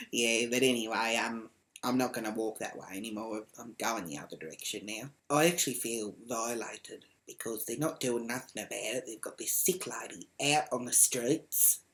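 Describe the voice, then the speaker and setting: A woman ranting to camera in a brash, foul-mouthed comic character. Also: rumbling low. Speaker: comedy vlogger in character.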